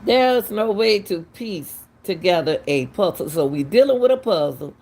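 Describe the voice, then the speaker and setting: A woman's voice: lowish voice, lively intonation, moderate pace, a little mellow. A woman, hosting casual true-crime commentary, talking emphatically and firing off repeated, incredulous questions. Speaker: commentary channel host.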